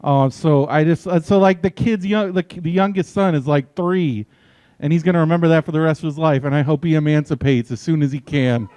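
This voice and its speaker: Profane man doing stand-up, crisp and dry. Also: a little high, steady tone, fairly quick, a little mellow, no room sound. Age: 40s. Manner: dry, profane storytelling with acted-out quotes. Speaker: stand-up comedian. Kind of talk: stand-up set. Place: small live venue with audience.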